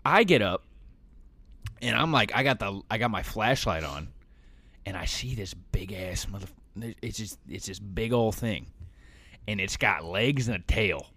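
Young guy on a podcast, lowish voice that swings all over, dry close mic, swears a lot. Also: a little slow, no room sound. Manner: animated storyteller, swears freely. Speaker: podcast co-host. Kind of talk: casual chat.

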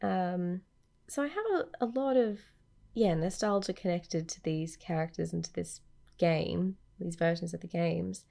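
A woman's voice: on the low side, measured pace, creaky, mellow. A woman co-hosting a casual podcast, sleepy and just awake, talking in a dry, offhand way. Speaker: podcast co-host. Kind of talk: casual chat.

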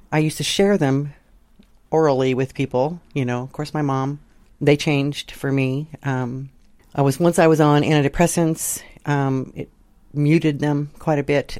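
A middle-aged woman from southern Indiana slowly recounting her dreams in a sunroom at home, pausing and restarting as she goes. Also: deep voice, warm tone, dry recording. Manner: unhurried, halting, with pauses and restarts. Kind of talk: reflective personal storytelling.

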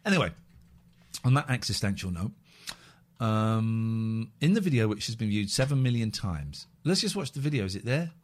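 A man's voice: lowish voice, very animated, normal speed. A man co-hosting a podcast, chatting in a teasing, jokey way and reading out odd news stories. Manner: teasing, jokey, breaks into silly voices. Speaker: podcast co-host. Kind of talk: casual comedic chat.

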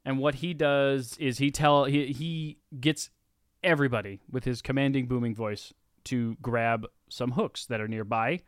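Animated game master with a dry voice. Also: mid-range voice, unhurried, smooth, dry recording. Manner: animated, narrating with character voices. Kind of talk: narrating a tabletop game.

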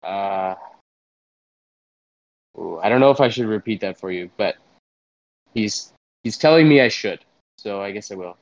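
A man talks as a hesitant interpreter in a comedy sketch, stumbling and stalling with fillers. He speaks slowly, and the sound is dry and dull, with no room around it. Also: fairly low pitch, expressive, no room sound. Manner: hesitant, stammering, with many fillers.

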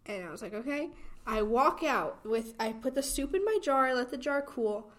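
A young woman co-hosting a podcast, telling a story in an animated way and laughing as she goes. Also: on the high side, moderate pace. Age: young adult. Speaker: podcast co-host. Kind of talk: casual chat.

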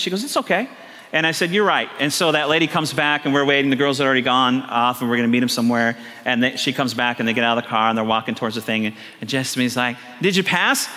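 A middle-aged man preaches in a church sanctuary, telling stories with animated energy and acted-out quotes. His voice sits a little high and rings bright and forceful. It carries a long hall reverb. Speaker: pastor. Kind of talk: sermon.

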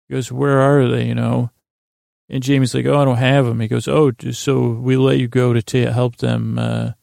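A man's voice: medium pitch, gravelly, a little mellow, no room sound, clean studio sound. A man casually recapping a TV episode in a meandering way, full of fillers and restarts. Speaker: podcast host recapping a TV episode.

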